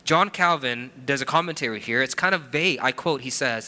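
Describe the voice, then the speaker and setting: Bright-voiced man preaching in a reverberant hall. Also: mid-range voice, a little fast. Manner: expository preaching with acted-out quotes and personal anecdotes. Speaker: pastor. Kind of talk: sermon.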